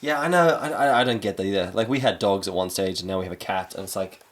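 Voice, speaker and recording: Man, 30s, podcast co-host, deadpan, swears a lot, quick delivery. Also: low voice. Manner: dry, deadpan jokes and swearing. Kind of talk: casual chat.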